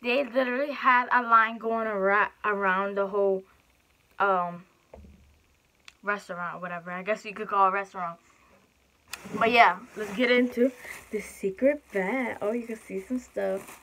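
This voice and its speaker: A woman's voice: mid-range voice, fairly even intonation, moderate pace, long pauses, pushed and bright. A young woman chatting and laughing while she eats on camera for her vlog. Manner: chatty, giggly, talks while chewing. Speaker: mukbang vlogger. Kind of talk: casual eating vlog.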